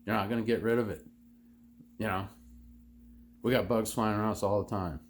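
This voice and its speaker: A man from the United States holds forth alone as the host of his own commentary show, his voice sitting low. He talks in an angry, sneering rant, swearing constantly, with a faint noise under the recording. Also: fairly even intonation, brisk. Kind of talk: profane ranting monologue.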